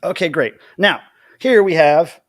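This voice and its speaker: An American man hosting a livestream from home, telling a story in an animated, chatty way. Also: on the high side, a little slow, dry recording. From United States. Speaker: livestream host.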